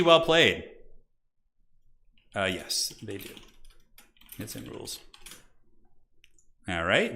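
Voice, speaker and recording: Male streamer-caster, chatty live commentary, lively pitch swings, bright forward tone. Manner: animated, chatty, talks to viewers in chat.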